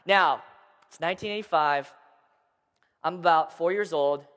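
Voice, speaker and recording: A man in his thirties telling a personal story to a live audience in a playful, animated way, asking the crowd questions as he goes. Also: fairly high pitch, measured pace. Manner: playful, addresses the crowd directly. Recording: long hall reverb.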